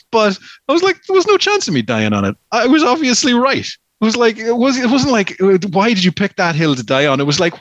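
Animated, sweary man. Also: high-pitched, no room sound. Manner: animated, sweary, laughs a lot. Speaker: podcast co-host. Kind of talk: casual chat.

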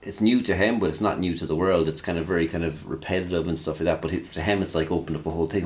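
Man, very deep voice, laughs a lot, casual chat. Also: fairly even intonation, fast talker, few pauses. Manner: laughs often, acts out quotes.

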